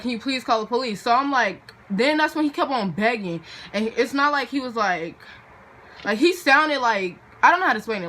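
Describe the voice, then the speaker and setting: A teenage vlogger with a slightly high, pushed and bright voice narrates a storytime, dramatic and talkative, full of filler words as she acts out the people she's describing.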